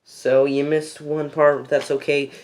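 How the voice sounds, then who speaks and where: Slow, rambling, excitable gaming vlogger. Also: medium pitch. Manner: rambling and excitable, repeats "freaking epic"; loses track mid-sentence and restarts. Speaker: gaming video host. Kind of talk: casual game recommendations.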